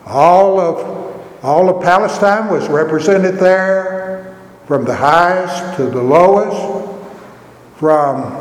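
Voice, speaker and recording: Slow-speaking preacher in an echoey hall. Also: male voice, high voice. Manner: slow, measured storytelling delivery. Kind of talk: sermon.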